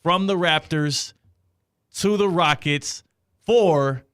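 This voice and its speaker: A man's voice: a little high, slow pace, fairly bright tone, smooth, dry recording, studio quality. A man hosting a sports radio show, asking questions in a playful, teasing way. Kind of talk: casual sports radio interview.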